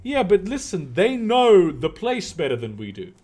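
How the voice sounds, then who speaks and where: Slick, pushy chip dealer in a game, lively high patter, read by a man. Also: normal speed, exaggerated voice. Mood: matter-of-fact. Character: pushy street dealer man hawking chips.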